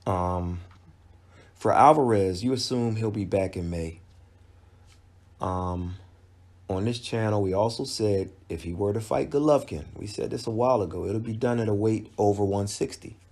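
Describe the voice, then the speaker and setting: A man's voice: lowish voice, moderate pace, darkish tone. A man giving a casual boxing fight recap as a channel host, conversational and emphatic, often restarting his sentences. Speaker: boxing commentator. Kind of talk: casual video commentary.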